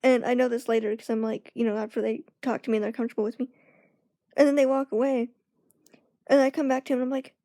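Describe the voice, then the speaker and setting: A young woman talking casually to her viewers in a personal vlog, halting and searching for words, often laughing. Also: a little high, flat delivery, mellow, no echo, clean studio sound. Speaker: vlogger.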